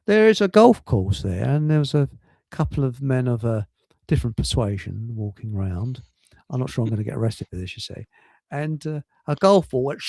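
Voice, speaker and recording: A man's voice: on the high side, vocal fry, dry recording. An older man hosting a livestream, rambling through jokes and reading chat messages aloud with frequent chuckles. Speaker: livestream host. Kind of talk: casual chat telling jokes.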